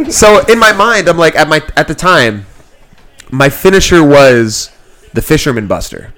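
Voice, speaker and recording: A man's voice: a little high, a little slow, long pauses. A man hosting a casual podcast, telling a story with lots of laughs and swearing and playing both sides of the exchange. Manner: animated, laughs often, swears, acts out both sides of stories. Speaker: podcast host. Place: small room, sitting on a kid's trampoline. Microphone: own mic close to a second mic.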